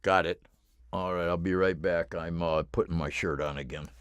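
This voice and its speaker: A man's voice: sits low, fairly even intonation, normal speed, a bit bright, a little hiss or hum. A man recording a voice-over and chatting with the director about how to read the lines, in a questioning, self-aware way. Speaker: voice-over narrator.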